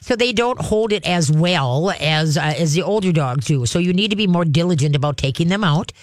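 A man's voice: a little high, expressive, brisk. A man hosting a call-in radio show about dogs, giving folksy, chatty advice and checking in with "okay?" and "all right?" as he goes. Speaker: radio show host, dog trainer.

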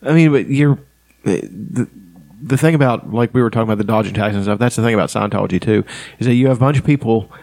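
A man's voice: on the low side, fast talker, gravelly, a little mellow. Rambling, profane man in casual chat. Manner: profane, rambling, laughing a lot. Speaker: podcast co-host.

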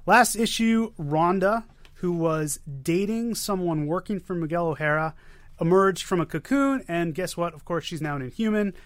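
A man co-hosting a podcast, giving quick, joking, enthusiastic comic recaps into a close mic. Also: high-pitched, no echo. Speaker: podcast co-host. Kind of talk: casual chat about comics.

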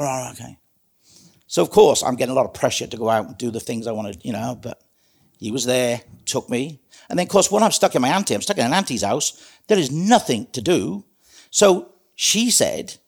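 A man's voice: mid-range voice, big pitch swings, a little fast, vocal fry, slightly rough. A middle-aged man with a Welsh accent, a guest in an interview, earnestly telling his life story with frequent restarts. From South Wales. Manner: earnest, frank, self-interrupting. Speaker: guest, community safety advisor. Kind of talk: reflective storytelling in conversation.

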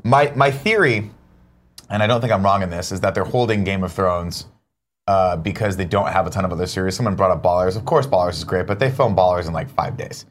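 A man's voice: sits low, brisk, a little hiss or hum. Man ranting animatedly with swearing. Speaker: co-host. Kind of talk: casual chat.

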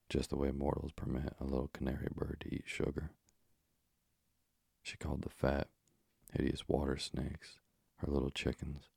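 A man narrating a fairy tale in a slow, measured reading. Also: very deep voice, creaky, a little mellow, breathy edge, no room sound, clean studio sound.

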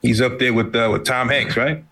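A man's voice: mid-range voice, steady tone, normal speed, pushed and bright. A man co-hosting a casual chat, laid-back and agreeable, chuckling along. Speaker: podcast co-host.

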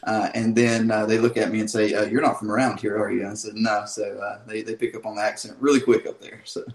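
A man's voice: lowish voice, flat delivery, fast talker, reverberant, poor audio. A man from North Carolina with a strong Southern accent, a guest telling easygoing stories with many fillers over a call. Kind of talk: casual interview on a call.

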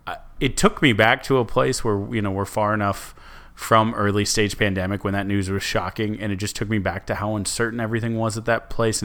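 A young male podcast co-host rambles through a casual chat, restarting often and leaning heavily on "like" and "um." His voice runs on the low side with a slightly bright quality.

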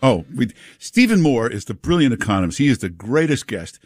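Male talk radio host, mocking banter, lively and expressive, dry close mic. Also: medium pitch, fairly quick, dry recording, faint music behind. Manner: sarcastic, mocking, lively delivery. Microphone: studio microphone.

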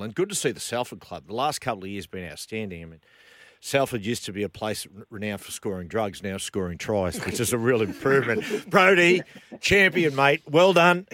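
A man's voice: lowish voice, fairly quick, no echo. An Australian man hosting a radio show, chatty and matey, asking rambling questions of a guest. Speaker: radio host. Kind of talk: radio show chat and ad reads.

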